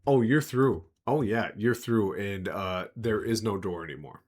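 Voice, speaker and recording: Low-voiced man running a tabletop game. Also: unhurried, darkish tone. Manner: rambling, full of filler words and restarts. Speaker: game master.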